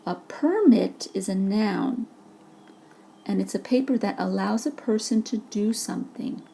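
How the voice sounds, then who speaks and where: A woman's voice: medium pitch, unhurried, vocal fry, warm tone, a little hiss or hum. A woman teacher narrating a vocabulary lesson over a presentation, patiently explaining each word with examples. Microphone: voice-over for a slide presentation.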